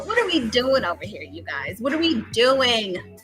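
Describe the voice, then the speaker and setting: A lively woman hosting a live stream, talking to her chat in a bright, slightly high voice. She is chatty and animated, with laughing asides, and faint music plays behind her. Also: unhurried. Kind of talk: casual live commentary to a chat.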